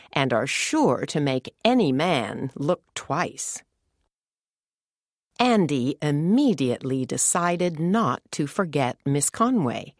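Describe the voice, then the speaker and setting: A woman narrating a story in slow, clear English for learners. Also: deep voice, a little mellow, dry recording, clean studio sound.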